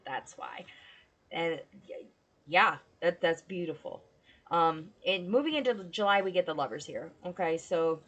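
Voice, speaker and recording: A woman giving a casual tarot reading, talking bluntly and swearing freely in a chatty way. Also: fairly low pitch. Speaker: tarot reader.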